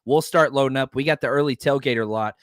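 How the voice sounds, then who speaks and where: A man's voice: medium pitch, fast talker, dry recording, clean studio sound. A man hosting a sports podcast, talking casually and ranting heatedly with plenty of profanity. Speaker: podcast host.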